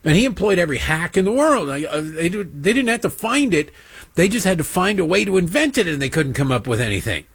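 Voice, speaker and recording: A man's voice: fairly high pitch, animated, a little fast, fairly bright tone, breathy edge, no room sound. Sarcastic male talk host. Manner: sarcastic, mocking, slips into impressions. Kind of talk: political commentary monologue.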